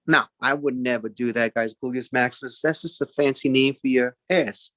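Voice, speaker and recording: A man's voice: mid-range voice, steady tone, normal speed, hardly any pauses, fairly bright tone, no room sound. A man in his forties doing a stand-up routine, rambling and chatty, with lots of fillers and asides. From Italian-American. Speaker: stand-up comedian.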